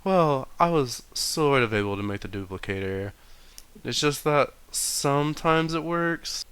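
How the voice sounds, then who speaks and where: A man's voice: mid-range voice, lively intonation, unhurried, fairly bright tone, clear, resonant tone, no room sound, pitched above the performer's own voice. A man voicing a flustered female inventor who rambles and hedges nervously. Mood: sheepish. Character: flustered woman inventor, June.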